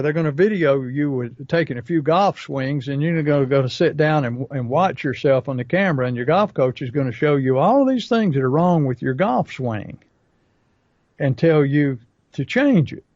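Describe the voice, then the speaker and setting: A man's voice: on the high side, darkish tone, no echo, lo-fi sound. Folksy man coaching on a podcast. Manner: folksy storytelling with acted asides. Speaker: podcast co-host and business coach. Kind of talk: casual podcast talk.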